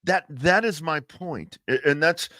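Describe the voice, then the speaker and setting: A man co-hosting a sports talk show, excitable and blunt, swearing and restarting sentences as he rants. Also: on the high side, unhurried, no echo, studio quality.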